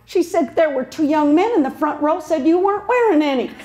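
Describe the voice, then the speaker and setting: High-voiced older woman telling comic stories. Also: a little fast, slight background noise. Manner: animated storytelling, acts out voices. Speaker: motivational speaker. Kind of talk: comic stage speech.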